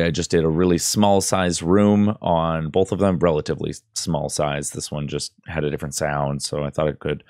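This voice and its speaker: Man, deep low voice, dry close sound, casual tutorial, rambling, hesitant. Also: darkish tone, dry recording. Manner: rambling, hesitant, many fillers and restarts. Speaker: audio tutorial host. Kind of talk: casual screen-recorded tutorial.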